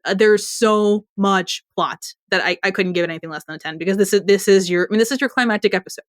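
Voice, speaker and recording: A woman's voice: medium pitch, fast talker, no room sound, clean studio sound. A woman co-hosting a podcast in casual chat, rambling and laughing often. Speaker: podcast co-host.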